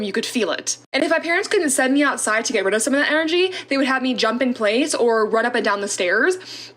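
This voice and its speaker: A young woman with a high, bright voice tells personal stories to her viewers. She talks casually and with animation, laughing between anecdotes and acting out the lines she quotes. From Southern California. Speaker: storyteller vlogger.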